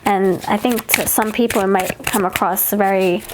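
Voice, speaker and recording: A woman's voice: medium pitch, steady tone, normal speed, background noise. A woman giving a pick-a-card tarot reading, chatting casually, repeating herself and reading card messages aloud. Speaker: tarot reader.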